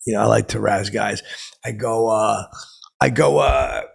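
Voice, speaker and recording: A deeply gravelly, husky voice belongs to a boastful, clueless washed-up stand-up comic, played by a man. He rambles on, stumbling over his words and quoting his own lame jokes. His talk is loose and meandering, full of fillers. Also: measured pace, heavily acted. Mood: rambling. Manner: rambling, stumbling, with many fillers and self-quotes. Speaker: character comedian telling a story. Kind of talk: improvised comic monologue.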